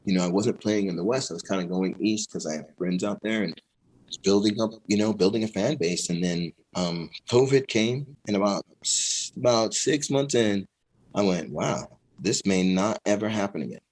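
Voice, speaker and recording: A middle-aged man, a guest on an interview show, telling stories in a relaxed way, laughing often and acting out what others said. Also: lowish voice, moderate pace, low-quality recording. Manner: animated, laughing storyteller who acts out quoted voices. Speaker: guest, pro skateboarder and musician. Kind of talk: casual interview storytelling.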